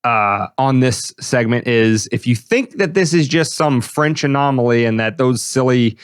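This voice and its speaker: A man's voice: mid-range voice, lively intonation, moderate pace, clean tone. A man co-hosting a podcast, giving sarcastic, opinionated commentary. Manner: sarcastic, wry. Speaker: podcast co-host.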